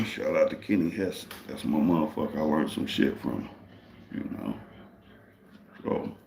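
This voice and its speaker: A deep, gravelly man tells a long story in a loose, profane, streetwise way. His voice rings a little in an echoey room. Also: animated, unhurried, very noisy. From Detroit, Michigan. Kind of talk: casual storytelling.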